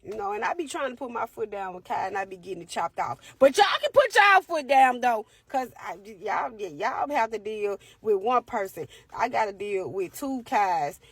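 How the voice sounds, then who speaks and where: A woman, a parent, telling a comedic story in an animated, exasperated and profane way. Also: fairly high pitch, moderate pace, few pauses, slightly rough, dry recording.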